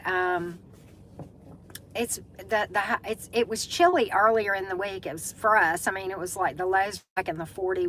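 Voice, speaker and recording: A woman's voice: lowish voice, a bit bright, slight background noise, poor audio. A middle-aged woman with a Southern US accent hosts a casual live-stream chat, greeting viewers by name and using lots of fillers. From Southern United States.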